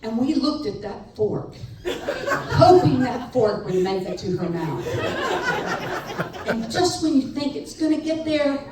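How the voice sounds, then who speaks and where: A middle-aged woman telling a personal story live on stage, wry and animated, laughing between lines. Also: sits high, takes it slowly. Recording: echoey room, far mic, faint noise.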